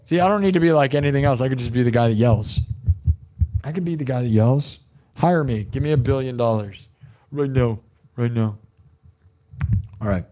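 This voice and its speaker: A man hosting a livestream, chatting casually in a rambling, excitable and joking way. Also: medium pitch. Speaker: livestream host.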